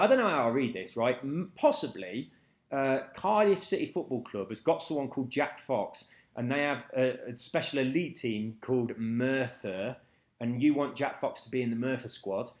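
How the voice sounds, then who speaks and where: A video commentator chats casually at home, rambling on and swearing now and then in a loose manner. His medium-pitched, slightly mellow voice sounds reverberant as he moves away from the mic.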